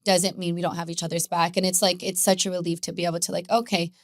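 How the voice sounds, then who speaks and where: A woman guest, a Pilates instructor, telling stories in a casual, animated podcast chat. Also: lowish voice, fast, no echo, studio quality. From Mexican-American family. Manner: chatty, animated storytelling with laughter.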